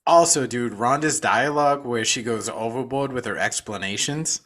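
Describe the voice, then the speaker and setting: A man with a bright, forceful voice talks through his favorite scenes on a casual movie podcast. He is laid-back and swears freely, saying "dude" a lot, while his pitch sits in an ordinary middle range. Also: normal speed. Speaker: podcast co-host. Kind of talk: casual movie review chat.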